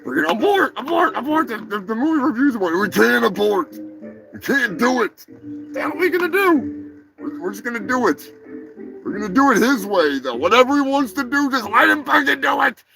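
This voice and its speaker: A man putting on the voice of a panicking male underling who shouts frantically and curses, with music playing behind. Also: extremely high pitch, sing-song, a little fast, vocal fry, voice pushed up, heavily acted, poor audio. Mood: panicked.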